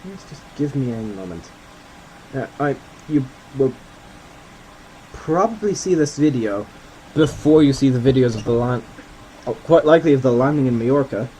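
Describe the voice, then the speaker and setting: Man from Ireland, casual game host, dark mellow voice, faint hum in the background. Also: medium pitch, lively intonation, normal speed. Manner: rambling, self-deprecating, thinking aloud. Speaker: gaming video host. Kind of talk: casual gameplay commentary.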